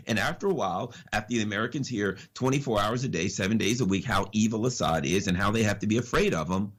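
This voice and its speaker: Animated husky man, preachy commentary. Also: on the low side, moderate pace. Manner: animated, preachy, rhetorical questions, repeats phrases. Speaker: political analyst guest. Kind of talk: impassioned radio commentary.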